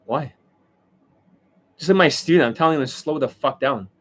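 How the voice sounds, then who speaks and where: A man's voice: on the high side, normal speed. A man ranting as a dating coach on a livestream, profane and mocking, who keeps demonstrating and asking whether you see it. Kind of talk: livestream rant.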